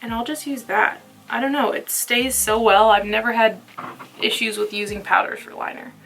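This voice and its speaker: A young woman chatting casually through a makeup tutorial, playful and sometimes dropping to soft murmurs. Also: on the high side, steady tone, moderate pace, creaky, soft background music. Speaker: beauty vlogger.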